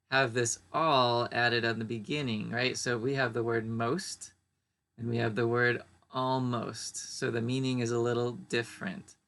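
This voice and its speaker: A man leads an English pronunciation lesson at a very slow, deliberate pace. He says each word twice so learners can copy it. His voice has a gravelly, creaky edge. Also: medium pitch, fairly bright tone. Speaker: English teacher.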